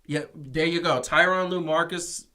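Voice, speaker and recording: A man co-hosting a casual sports talk show, animated and opinionated, often restarting his sentences. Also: a little high, moderate pace. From New York. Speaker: podcast co-host. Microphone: streamed show mic.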